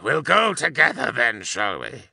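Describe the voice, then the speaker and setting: A man voicing an ancient, dying, armored war-machine warrior with a grim, rasping, defiant voice. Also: medium pitch, very animated, measured pace, pushed and bright, no echo, clean studio sound, full character voice. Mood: resigned. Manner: defiant, fatalistic.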